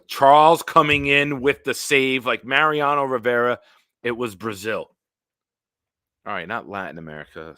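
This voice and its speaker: A man hosting a casual solo livestream, telling stories in a rambling, animated way with big swings in loudness. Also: on the low side, dry recording, clean studio sound. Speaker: livestream host.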